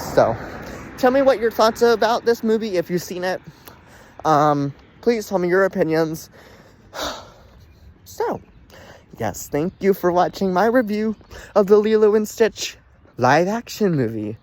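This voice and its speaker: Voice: medium pitch, darkish tone. A young vlogger reviewing a film in a dramatic, exclamatory way, swinging from groans to shrieks and talking straight to viewers. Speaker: movie reviewer. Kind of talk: casual vlog review.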